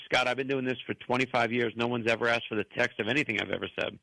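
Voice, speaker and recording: American guy in his 50s, author on a talk show, acts out quotes, bright voice. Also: mid-range voice, quick pace, gravelly, no room sound, low-quality recording. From United States. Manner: animated storyteller who acts out quoted voices. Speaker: author guest. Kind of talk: storytelling interview answers.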